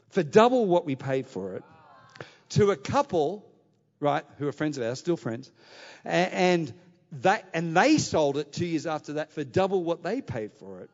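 A man preaches from the pulpit, telling his story with animated energy and then pressing his congregation to act. His voice sits a little high, and it rings with a long reverb through a large hall. The recording sounds muffled and dull. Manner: animated, anecdotal, rising to exhortation. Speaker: pastor. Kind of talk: sermon with storytelling.

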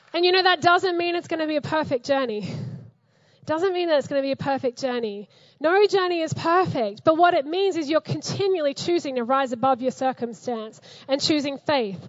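A woman pastor preaching a sermon in an animated, conversational way, laughing often. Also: high-pitched, no room sound, dull audio.

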